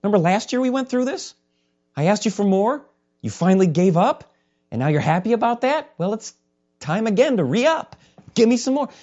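A pushy, teasing God figure who keeps demanding more, as a preacher puts him on. The voice runs high and lively, and the recording sounds dull and lo-fi. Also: male voice, moderate pace. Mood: insistent. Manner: pushy, teasing, higher-pitched. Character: God, impatient, insistent, asking for more.

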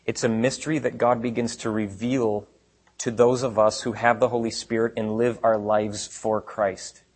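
A man preaching a sermon to a room of listeners, paraphrasing scripture with animated sarcasm and swinging between quiet and loud. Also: lowish voice, normal speed, husky. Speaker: pastor. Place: room with congregation.

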